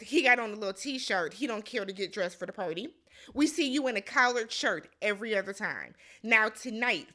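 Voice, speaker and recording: A woman's voice: a little high, pushed and bright. A woman giving a blunt, exasperated casual recap commentary, talking straight to the viewer. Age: adult. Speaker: recap vlogger.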